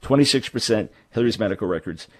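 A man's voice: lowish voice, animated, fast, a little hiss or hum. A man hosting a radio talk show, explaining points in an emphatic way and correcting himself as he goes. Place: radio studio. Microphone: studio microphone.

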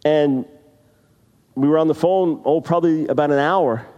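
Preacher around 60 in a reverberant hall. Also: male voice, a little high, mellow, lo-fi sound. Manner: storytelling, then emphatic slow scripture reading. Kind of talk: sermon. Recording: long reverb of a large hall.

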